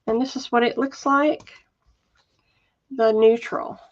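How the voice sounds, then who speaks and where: This is a chatty, kind-hearted woman doing a laid-back live sale, her voice a little high with fairly even intonation. She talks slowly and gently, fills pauses often, and reads viewers' comments aloud, all on muffled lo-fi stream audio.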